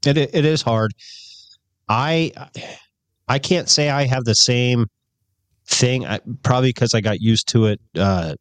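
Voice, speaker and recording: Dude co-hosting a podcast, stumbles and repeats himself, dry close sound. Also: male voice, medium pitch, clear, resonant tone, no room sound. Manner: halting, repeats words, profane. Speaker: podcast co-host. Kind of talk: casual chat.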